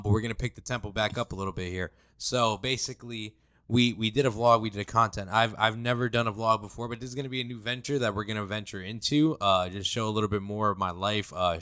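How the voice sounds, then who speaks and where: Laid-back podcast host with a smooth, dry voice. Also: male voice, fairly low pitch, bright, forceful tone, dry recording. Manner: laid-back, rambling, slangy. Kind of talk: casual podcast chat.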